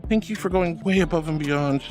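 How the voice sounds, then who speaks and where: A woman's voice: lowish voice, fairly quick, a little mellow, soft background music. A woman streaming casually, reading chat messages aloud and thanking viewers in a gushing, affectionate way.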